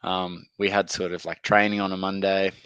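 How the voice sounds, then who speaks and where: A man's voice: low voice, little pitch movement, normal speed, a bit bright, clear, resonant tone, dry recording, dull audio. A young Australian man, a rugby league player, telling stories in a casual podcast interview, laid-back and laughing often. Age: young adult. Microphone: podcast microphone.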